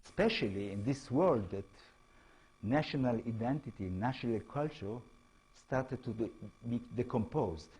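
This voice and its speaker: A man with an Israeli accent lecturing as an author, speaking halting English and often checking in with tag questions. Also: mid-range voice, expressive, darkish tone, husky, rough recording. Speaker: author giving a talk. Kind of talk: lecture to an audience.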